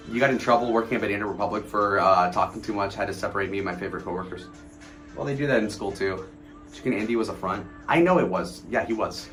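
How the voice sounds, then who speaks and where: A man's voice: fairly low pitch, a bit bright. A man in his twenties chatting on a late-night livestream, rambling, swearing and mocking people while he answers chat. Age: 20s. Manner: rambling, profane, mocking storytelling; reads and answers chat messages aloud.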